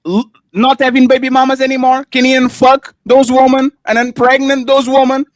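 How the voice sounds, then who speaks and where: A man with a very high voice hosts a live panel show. He talks in stops and restarts, repeating phrases while he tries to hold the floor. The sound is close and dry, with no room echo. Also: flat delivery, fairly quick. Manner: interrupting, moderating, repeats himself.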